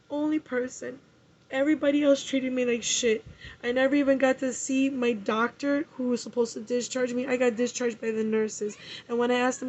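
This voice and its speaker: A woman's voice: high-pitched, steady tone, moderate pace, darkish tone. A woman telling an angry story in a vlog, swearing and repeating herself as she vents. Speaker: vlogger. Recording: muffled lo-fi recording.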